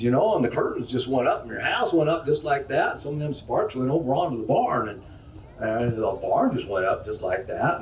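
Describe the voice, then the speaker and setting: A storyteller playing a sorrowful, slow-talking country neighbor who rambles with a folksy drawl and bad grammar. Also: male voice, mid-range voice, a little mellow, a little hiss or hum. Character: slow, hesitant rustic neighbor man, sorrowful. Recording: echoey hall from far off.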